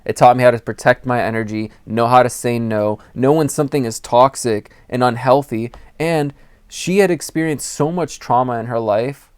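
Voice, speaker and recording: Earnest man with a smooth voice. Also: medium pitch, normal speed, no room sound, studio quality. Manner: earnest, rambling, with many restarts and acted-out quotes. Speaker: spiritual advice channel host. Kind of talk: candid personal talk to camera.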